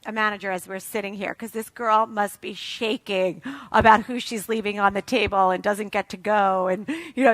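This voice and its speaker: A middle-aged woman with an East Coast American accent, giving an emphatic, animated motivational talk to a sales audience. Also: a little high, dry recording. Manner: emphatic, animated, fast and punchy, acts out quotes. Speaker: motivational speaker at a sales event.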